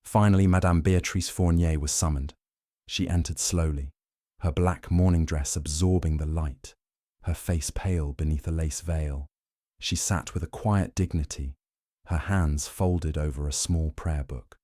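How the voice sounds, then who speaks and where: A man narrating a mystery audiobook in a measured, even storytelling manner. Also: very deep voice, no room sound, studio quality.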